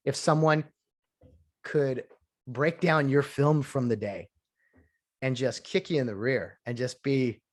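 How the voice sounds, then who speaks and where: A man's voice: medium pitch, fairly even intonation, slow pace, pauses often. A man talks alone into his podcast mic, drifting from point to point and restarting his sentences. He is opinionated and casual, in a mid-range voice. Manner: rambling and opinionated, with many restarts. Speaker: podcast host. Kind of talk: solo podcast rambling.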